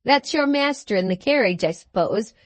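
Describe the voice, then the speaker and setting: A woman voicing an impatient young male law clerk in an audiobook, speaking in a sharp, snappish way. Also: fairly high pitch, animated, normal speed, dry recording, lightly acted. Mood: wary.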